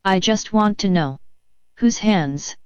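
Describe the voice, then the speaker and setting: A synthetic woman's voice playing a robotic AI assistant that complains on a prank call, flat and insistent. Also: medium pitch, takes it slowly, clear, resonant tone, highs cut off, lightly acted. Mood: demanding. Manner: flat, literal, insistent questioning. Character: robotic female AI complainer, persistent and demanding.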